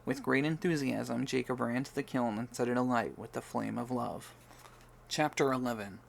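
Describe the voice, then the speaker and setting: A man narrating a fantasy audiobook with even, steady storytelling. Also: medium pitch, normal speed, creaky. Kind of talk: scripted narration.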